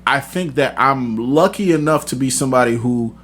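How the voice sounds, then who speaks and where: A man's voice: medium pitch, normal speed, a bit bright, a little hiss or hum. A man hosting a podcast, talking casually and confidently, telling stories with animation. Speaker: podcast host. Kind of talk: casual chat.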